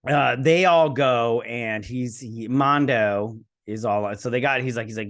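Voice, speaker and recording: A man's voice: mid-range voice, unhurried, hardly any pauses, a bit bright. Rambling American man recapping a show. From Michigan, USA. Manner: rambling, loose retelling, many fillers and restarts. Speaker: host. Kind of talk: casual episode recap and review.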